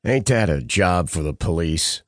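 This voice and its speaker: A man's voice: low voice, expressive, unhurried, a bit bright, no echo, studio quality. A male narrator voicing a tough former special-ops leader who speaks in terse, slangy lines.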